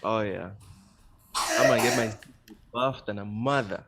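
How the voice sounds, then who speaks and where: A man co-hosting a casual gaming podcast, talking in a playful, animated way with frequent laughter. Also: fairly low pitch, a little slow, heavy background noise. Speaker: podcast co-host.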